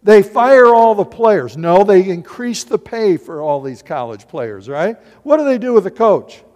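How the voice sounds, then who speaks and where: A middle-aged man pastor preaching a sermon in a church, animated and full of rhetorical questions to the congregation. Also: high-pitched, measured pace, highs cut off. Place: church sanctuary. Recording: long hall reverb.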